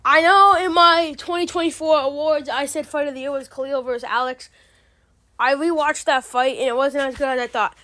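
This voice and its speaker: A woman's voice: sits high, steady tone, a little fast, bright, forceful tone. A woman giving casual, ranting commentary, exasperated and profane, full of slang. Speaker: MMA commentary channel host.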